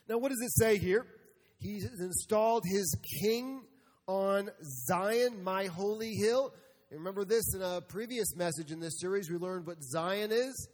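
A man's voice: high voice, measured pace, darkish tone, in a large hall. A male pastor preaching a sermon, emphatic and full of rhetorical questions, sometimes acting out God's voice. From United States. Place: church sanctuary.

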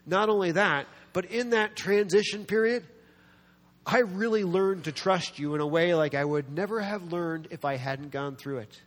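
A man preaching a sermon as a pastor, animated, often acting out the voices of people he quotes, with self-deprecating humor. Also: high-pitched, normal speed. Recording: long reverb of a large hall.

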